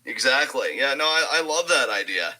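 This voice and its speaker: Very bright-voiced young man, hesitant. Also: mid-range voice, lively intonation, moderate pace, poor audio. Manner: hesitant, many fillers, casual swearing. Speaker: co-host. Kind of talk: casual wrestling commentary chat.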